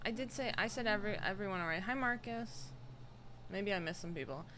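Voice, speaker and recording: A woman's voice: medium pitch, brisk, pushed and bright, a little hiss or hum. A young woman livestreaming from home, chatting casually and greeting viewers one by one in a rambling way. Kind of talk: casual chat with live chat. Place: home room, air conditioner running.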